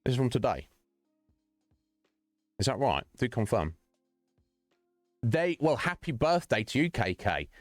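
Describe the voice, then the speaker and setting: A man's voice: medium pitch, very animated, a little slow, pauses often, no room sound, studio quality, soft background music. A man streaming and chatting casually with his viewers, rambling, joking and laughing often.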